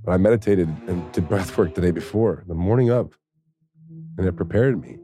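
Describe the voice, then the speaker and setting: Very deep-voiced man telling a story. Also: normal speed, mellow, soft background music. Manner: rambling, profane, laughs often. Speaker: podcast guest, former pro football player. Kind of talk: casual storytelling.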